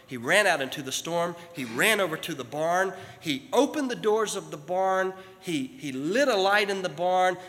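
A male pastor preaching a sermon, telling a story that builds toward fervent, shouted calls from the pulpit. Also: high voice. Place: church sanctuary. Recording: long hall reverb.

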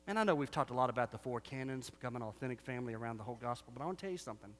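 A man's voice: medium pitch, animated, rapid-fire, few pauses. A middle-aged male pastor preaching a sermon in a conversational way, often asking the congregation rhetorical questions. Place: church sanctuary. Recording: long hall reverb.

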